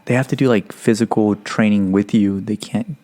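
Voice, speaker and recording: A man's voice: on the low side, moderate pace. A young man from Stockton, California, telling loose, profane stories as a podcast guest, heavy on "like" and "you know". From Stockton, California, USA. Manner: acts out quotes in lively voices. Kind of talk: casual podcast storytelling.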